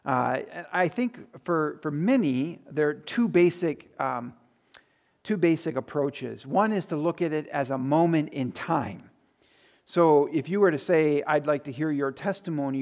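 Male pastor, sermon, casual and halting delivery, voice a touch high. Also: a little mellow. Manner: conversational, many fillers and restarts, chuckles at his own stories.

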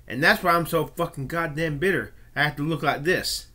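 Brief: bright, slightly high male voice, profane confrontational rant, jumps from low mutter to shouting. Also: fairly quick, few pauses. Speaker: video blogger. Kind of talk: angry rant to camera.

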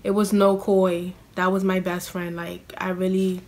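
A woman's voice: on the low side, flat delivery, a little slow, darkish tone, a little hiss or hum. A young woman, chatting in a casual question-and-answer vlog. She is self-mocking and scatters "like" through her talk. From New York City. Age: young adult. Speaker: vlogger.

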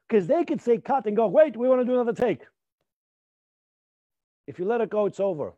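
A man teaching a live acting class, emphatic and repetitive, sometimes dropping to a hushed voice to demonstrate. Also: high voice, dry recording, highs cut off. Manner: emphatic, repeats points, drops to near whispers to demonstrate.

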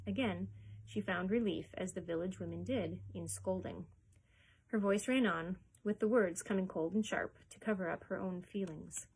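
A woman librarian reading a children's chapter book aloud in a steady, expressive storytelling voice. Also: lowish voice, breathy edge, rough recording.

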